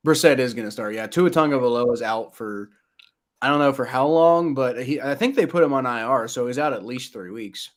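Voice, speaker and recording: A man co-hosting a podcast, talking football in a halting way, stammering and trailing off quietly. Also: mid-range voice. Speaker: podcast co-host. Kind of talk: casual sports chat.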